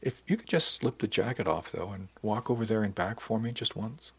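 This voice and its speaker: An appraising woman with a stylist's eye who approves of what she sees, voiced by a man. The tone is low and husky, in an audiobook. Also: fairly quick. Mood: approving.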